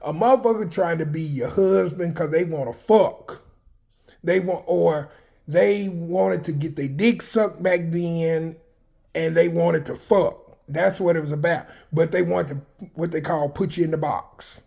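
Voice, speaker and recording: A man's voice: on the high side, unhurried, gravelly, mellow. A man in his fifties telling personal prison stories in a blunt, profane, rambling way, full of fillers and restarts. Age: 50s. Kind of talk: candid personal storytelling.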